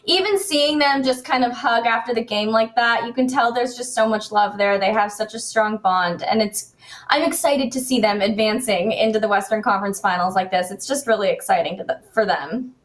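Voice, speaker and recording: Sports show co-host lady, kinda high voice, big softie vibes. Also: moderate pace. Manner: warm and sentimental, self-described softie. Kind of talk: casual sports chat.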